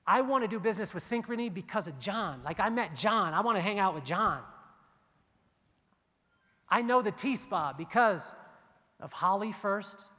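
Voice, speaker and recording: High, bright-voiced male keynote speaker. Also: normal speed, long pauses, big-room sound. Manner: animated storytelling, acting out dialogue. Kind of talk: motivational keynote speech. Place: large event hall.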